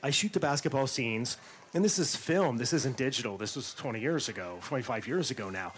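A middle-aged man telling a long anecdote in a podcast interview, middle-pitched and lively, acting out what other people said with plenty of fillers and restarts. A faint hiss of noise sits under his voice. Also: brisk. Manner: animated, acts out quotes, many fillers and restarts. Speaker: actor and former basketball player.

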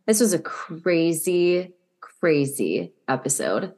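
A woman's voice: deep voice, very animated, slow pace, darkish tone. A woman guesting on a podcast, chatting bluntly and casually, with some swearing. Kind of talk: casual chat.

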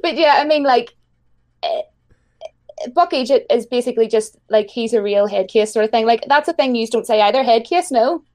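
A woman's voice: fairly high pitch, animated, normal speed, a little mellow. A woman from Ireland with an Irish accent, chatting casually and laughing often. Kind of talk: casual chat.

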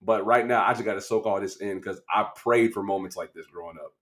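A man from Kansas City co-hosting a sports podcast, talking in an animated, emotional way with long run-on stretches. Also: on the low side, fairly quick. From Kansas City, USA. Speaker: co-host, draft analyst. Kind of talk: casual sports podcast chat.

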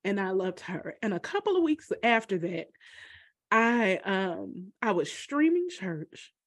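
Woman, personal storytelling, halting and emotional, dry close sound. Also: medium pitch, sing-song, dry recording. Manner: halting, emotional, many pauses and fillers.

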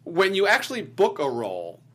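A man's voice: high-pitched, huge pitch swings, fairly quick, fairly bright tone, slightly rough. A man hosting a live-stream interview, asking long, loosely phrased questions. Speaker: interview host.

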